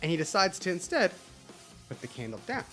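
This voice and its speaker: A man hosts a livestream and tells a playful story casually, his voice rising and falling with lots of life. Faint music sits quietly behind him. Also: high voice, big pitch swings, a little fast. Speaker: livestream host.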